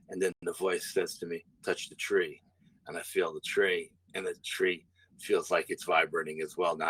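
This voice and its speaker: A man's voice: sits low, a bit bright, breathy edge, rough recording. A man, a guest paranormal investigator, telling a story in a rambling, casual way, repeating words and swearing now and then.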